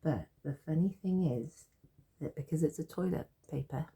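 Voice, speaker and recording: Low husky woman with a sore throat. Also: warm tone. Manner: patient, repeats and spells out words slowly. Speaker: French teacher. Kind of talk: explaining French jokes in a language lesson.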